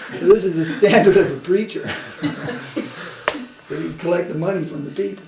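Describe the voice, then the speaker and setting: A man's voice: a little high, fairly quick, gravelly, a crowd in the background. A man, a swami, giving a spiritual lecture in a conversational storytelling manner, asking his listeners to follow along. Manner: conversational, anecdotal, with tag questions. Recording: roomy with faint hum.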